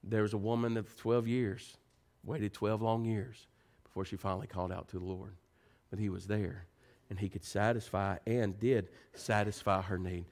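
A man preaching a sermon. He moves between quiet, earnest pleading and animated storytelling. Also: moderate pace, few pauses. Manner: animated, rising to high excited pitch when telling stories.

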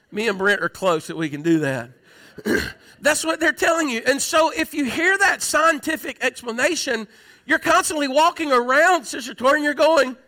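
High, bright-voiced impassioned preacher man. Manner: impassioned preaching, swinging from loud emphatic peaks to hushed, tender passages. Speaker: pastor. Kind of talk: sermon.

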